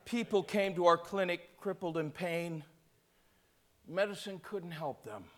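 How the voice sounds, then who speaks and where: A man preaches a sermon with a high-pitched voice. His tone is bright and forceful, and he works up into shouts as he calls on his listeners to answer back. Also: unhurried. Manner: preaching with rising shouts and call-and-response. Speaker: pastor.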